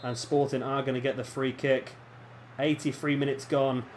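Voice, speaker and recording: A young man with a medium-pitched, flat voice talks at a normal speed over a football video game, chatting casually and poking fun at himself as he reacts aloud to the play. It's relaxed let's-play commentary, with a little hiss or hum in the background.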